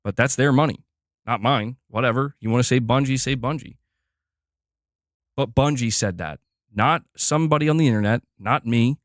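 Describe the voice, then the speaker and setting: A man's voice: mid-range voice, moderate pace, no room sound, studio quality. A man giving blunt, opinionated commentary on gaming news, emphatic and repeating himself as he pushes his point.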